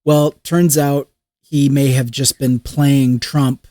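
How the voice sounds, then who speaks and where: A podcast co-host in casual political chat, exasperated and animated, swearing freely. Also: mid-range voice, takes it slowly, no room sound, studio quality.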